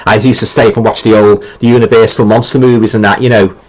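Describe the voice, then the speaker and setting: A man's voice: fairly low pitch, fairly even intonation, quick pace, rough recording. Rambling chatty Liverpool man. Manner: rambling and chatty, with many ums and repeated restarts; easygoing and informal, with colloquial phrasing. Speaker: live stream host. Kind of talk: casual chat reading out viewer comments.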